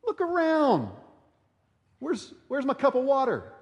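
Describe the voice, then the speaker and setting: A preacher doing a shrill, whining grumbler who moans that everything is terrible, his voice jumping far above his normal speaking pitch. The voice rings out in a long, echoey hall. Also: huge pitch swings, measured pace, heavily acted. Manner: high, exaggerated whining. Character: whiny, complaining grumbler in the desert.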